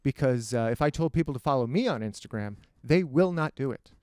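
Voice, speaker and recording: A male comedian chatting as a podcast guest, telling animated stories and slipping into acted voices. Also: medium pitch, a little fast, no echo, studio quality. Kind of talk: casual podcast conversation.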